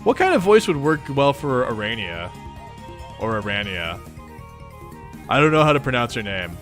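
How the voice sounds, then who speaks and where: A man's voice: medium pitch, big pitch swings, normal speed, a bit bright, soft background music. A man reading a webcomic aloud in a casual read-along, chatting and reacting to it and laughing often. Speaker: webcomic reader.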